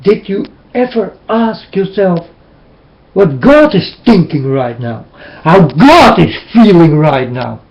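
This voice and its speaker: Slow, high-voiced man preaching warnings. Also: big pitch swings, vocal fry, lo-fi sound. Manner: intense, warning, repetitive preaching. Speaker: self-styled preacher. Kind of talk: webcam sermon. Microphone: webcam.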